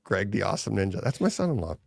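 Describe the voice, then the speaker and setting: A man's voice: on the low side, very animated, racing, gravelly, slightly rough, dry recording, clean studio sound. A middle-aged man hosting a livestream, telling stories in casual chat, laughing often and acting out quotes. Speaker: livestream host.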